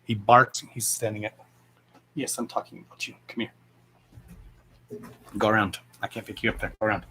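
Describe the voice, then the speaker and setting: A man's voice: fairly low pitch, fairly even intonation, fairly quick, bright, forceful tone, a little hiss or hum. A man hosting a casual live stream, talking bluntly and with plenty of swearing, and breaking off to speak to his dogs. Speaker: live-stream host and dog owner.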